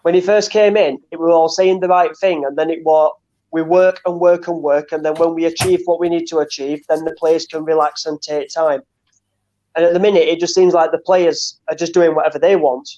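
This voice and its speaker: A man with a Northern English accent, his voice sitting a little high for a man. He chats casually about football and laughs a lot between quick bursts of talk. The sound is dull and lo-fi. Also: fairly even intonation, warm tone. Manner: laughs often, rapid bursts. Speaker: co-host.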